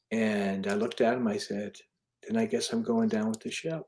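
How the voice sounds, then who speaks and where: A man's voice: fairly low pitch, fairly even intonation, moderate pace, a little mellow. A middle-aged man, an author being interviewed, telling a personal story earnestly, with frequent restarts and quoted dialogue.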